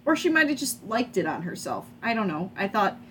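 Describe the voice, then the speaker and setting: A woman's voice: medium pitch, very animated, a little fast, slight background noise. A woman co-hosting a podcast, chatting casually and bluntly about a movie, swearing now and then. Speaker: podcast co-host. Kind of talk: casual movie review chat.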